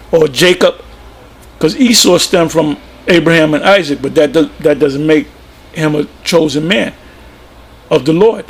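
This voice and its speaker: A man's voice: a little high, gravelly, husky. A man giving informal religious commentary, plain-spoken and emphatic, often repeating himself. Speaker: preacher.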